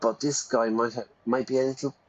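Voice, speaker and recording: A man's voice: mid-range voice, little pitch movement, a little fast, rough recording. A British or Irish man teaching English while reading game dialogue aloud and explaining phrases. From Britain or Ireland.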